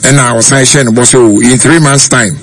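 A man hosting a radio talk show, speaking slowly and mostly listening with short murmurs. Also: medium pitch, fairly even intonation, noisy background. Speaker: radio host.

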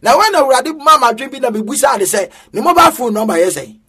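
High-voiced preacher man, sing-song. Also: very animated, fast, slightly rough. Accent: Ghanaian. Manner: emphatic, half-sung preaching with shouted peaks. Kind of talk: sermon.

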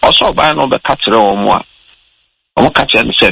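Gravelly man telling a story. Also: mid-range voice, animated, moderate pace, bright, forceful tone, no room sound, rough recording. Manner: switches between Twi and English, storytelling. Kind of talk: casual radio talk.

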